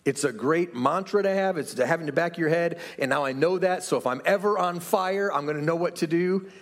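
A pastor giving an earnest, conversational sermon to his church, asking the room rhetorical questions. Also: a little high. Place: church sanctuary.

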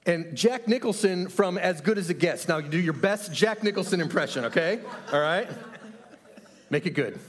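A man's voice: high-pitched, lively intonation, normal speed. A man leading a sermon opening from a church stage, chatty and upbeat, laughing often as he runs a game with the congregation on a handheld microphone. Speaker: pastor.

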